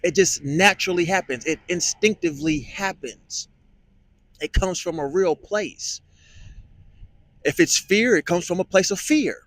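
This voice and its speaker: A man muses in a rather high voice, working through his thoughts out loud with halting restarts and many fillers. The sound is dry and close, with no room echo. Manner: musing, halting, repeats words with many fillers. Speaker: vlogger. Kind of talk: reflective monologue.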